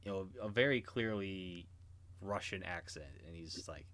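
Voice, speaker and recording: A man's voice: deep voice, moderate pace, fairly bright tone. A man narrating as game master in an online tabletop game, hesitant and full of restarts. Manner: hesitant, many restarts and fillers.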